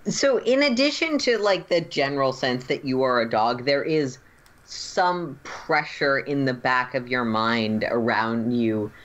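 Slow-spoken woman narrating a tabletop game. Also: a bass voice, animated. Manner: unhurried descriptive narration with fillers. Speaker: game master. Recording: dull lo-fi audio.

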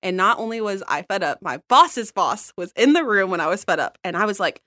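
A woman in her thirties from the United States, a podcast guest telling a work story in casual chat, blunt and lively, laughing often. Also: medium pitch, fairly quick, dry recording, studio quality. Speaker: podcast guest, account manager.

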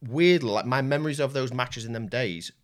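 A man's voice: medium pitch, brisk. A man with a Yorkshire accent, a jiu-jitsu coach and guest on a podcast, telling candid stories in casual talk, with frequent restarts and swearing. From Yorkshire, England.

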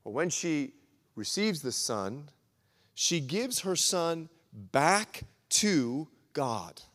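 Male pastor, animated storyteller, high and lively pitch, reverberant hall sound. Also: very slow. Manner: animated storytelling preacher, acts out quotes. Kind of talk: sermon. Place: church hall at a men's breakfast.

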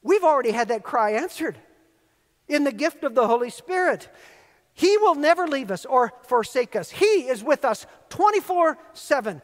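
A man's voice: very high-pitched, a bit bright. A male pastor preaching an earnest sermon, telling stories and building emphatic repeated phrases. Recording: long reverb of a large hall.

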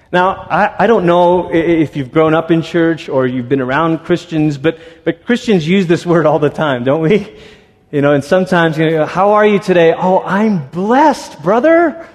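High-voiced man preaching in a reverberant hall. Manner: conversational, animated storytelling with quick asides. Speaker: pastor. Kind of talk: sermon. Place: church sanctuary.

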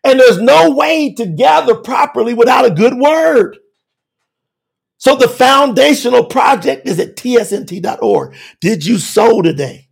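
High, gravelly shouting preacher man. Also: lively intonation, measured pace. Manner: emphatic, swings between shouting and low asides. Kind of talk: sermon.

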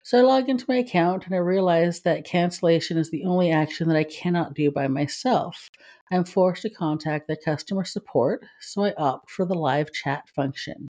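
Chatty lower-voiced woman podcast co-host. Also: normal speed, dark tone. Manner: chatty, laughs easily. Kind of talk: casual chat and story reading.

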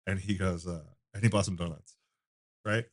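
A man's voice: sits low, fairly even intonation, moderate pace. A man in his thirties, a donut shop owner, talking casually as a podcast guest with loose storytelling full of fillers and restarts. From United States. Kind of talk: casual conversation.

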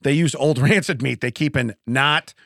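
A man's voice: medium pitch, normal speed, gravelly, no room sound, studio quality. A man co-hosting a morning radio show, bantering casually and laughing often as he tells stories. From Illinois. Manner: laughs often, animated storytelling.

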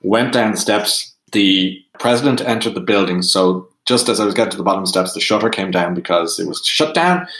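A man with an Irish accent, a podcast guest telling a lively self-deprecating anecdote. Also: sits low, fairly quick, few pauses. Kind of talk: animated storytelling. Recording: roomy echo.

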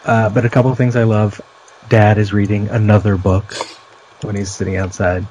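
A man's voice: lowish voice, level tone, normal speed, a little mellow, low-quality recording. A man from the United States co-hosting a casual film discussion, analytical and pointing out visual details. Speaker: podcast co-host.

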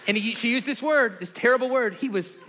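A man in his forties with a high, bright, forceful voice, telling funny stories with lots of laughter. His voice sits in a room with a long reverb. Faint noise hums behind him. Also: a little fast. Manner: animated, laughing storyteller. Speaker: co-host. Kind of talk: comic storytelling in conversation.

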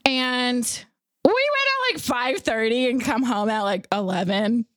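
A woman's voice: on the high side, expressive, a little slow, fairly bright tone, dry recording, clean studio sound. A woman co-hosting a podcast, chatting casually with lots of laughter and casual swearing. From Texas. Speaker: podcast co-host. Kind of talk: casual chat.

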